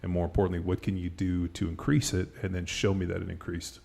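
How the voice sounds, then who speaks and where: Deep gravelly male podcast host. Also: flat delivery, fast talker, dark tone. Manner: rambling, heavy use of "like", casual swearing. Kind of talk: casual chat.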